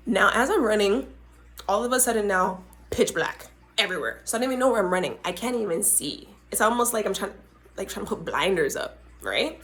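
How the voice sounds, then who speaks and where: Young adult woman, podcast host, casual storytelling, dramatic, frequent asides to listeners, mid-pitched voice. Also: expressive, fairly quick, fairly bright tone.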